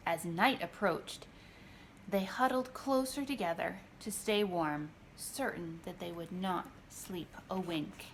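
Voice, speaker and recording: A woman reading her picture book aloud, gentle and expressive. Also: fairly low pitch, takes it slowly, slight background noise. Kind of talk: storybook read-aloud.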